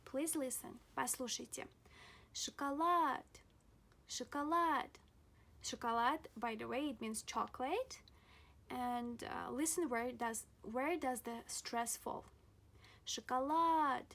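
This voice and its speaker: A young woman teaching a pronunciation lesson, speaking slowly and deliberately and repeating each example word several times. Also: on the high side, vocal fry. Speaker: language teacher.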